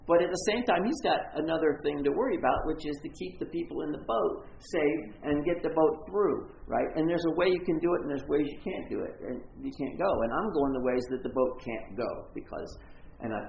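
A man's voice: fairly high pitch, creaky, slight background noise. A man preaching, telling a rambling, self-mocking story full of stops and restarts. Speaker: pastor. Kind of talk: storytelling sermon. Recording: echoey, muffled room recording.

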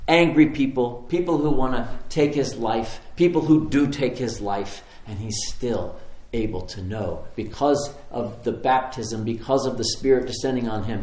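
A man who is a pastor, preaching a sermon in an animated, conversational storytelling way with repeated phrases. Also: on the low side, reverberant.

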